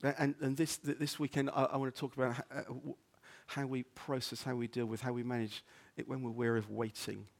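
A man preaching a sermon as a pastor, earnest, often repeating words and dropping soft on quotes. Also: mid-range voice, level tone, fairly quick, creaky, few pauses. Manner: earnest, stumbles and repeats words, drops to near-whisper on quotes.

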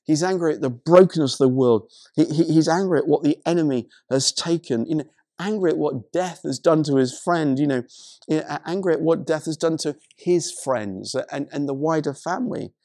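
A male pastor preaching a sermon, retelling a story in an animated way, with many stammered restarts. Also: fairly high pitch, a little fast, no echo, clean studio sound.

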